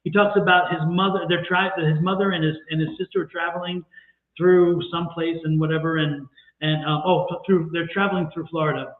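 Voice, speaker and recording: A man's voice: fairly high pitch, level tone, brisk. A man co-hosting a tarot livestream, giving a reading in a chatty, repetitive way and laughing easily. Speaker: tarot reader and co-host. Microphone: livestream call audio. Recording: echoey, tinny phone-like stream audio.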